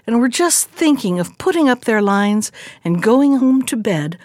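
Animated woman librarian telling a story. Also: high voice, dry recording, clean studio sound. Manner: expressive, animated. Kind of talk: storytelling read-aloud.

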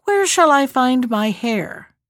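Woman doing a young storybook prince, earnest, high voice, dry close sound. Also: very animated, slow pace, dry recording, full character voice. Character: young male prince, hopeful and bold.

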